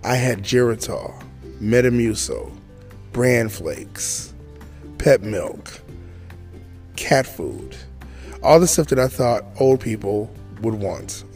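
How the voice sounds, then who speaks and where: A man's voice: mid-range voice, lively intonation, takes it slowly, long pauses, a little mellow, faint music behind. A man in his forties telling his own story as a podcast host, chatty and full of asides to the listener. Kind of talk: storytelling monologue.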